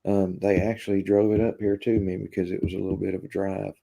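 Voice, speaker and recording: A man hosting a live stream, chatting casually with viewers in a deadpan, rambling way full of fillers. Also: deep voice, fast, gravelly. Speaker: live-stream host reading chat.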